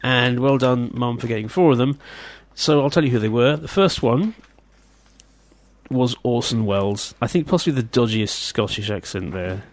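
A man hosting a local radio show with easy, casual chat. He fills gaps with "uh" and playful repeats. His voice sits at an ordinary middle pitch. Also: moderate pace, no room sound. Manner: chatty, with fillers and playful repeats.

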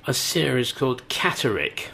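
A man's voice: mid-range voice, big pitch swings, moderate pace, creaky, pushed and bright. A man co-hosting a radio show, chatting playfully in a rambling way full of fillers and hesitations. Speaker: radio co-host. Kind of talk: casual on-air chat.

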